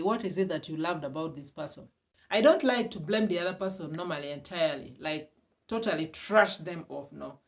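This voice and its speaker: A woman from Uganda with a Ugandan English accent, giving emphatic, repetitive self-help advice on healing after divorce as a vlogger. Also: deep voice. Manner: emphatic and repetitive, with sudden loud bursts and laughs. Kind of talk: motivational self-help talk.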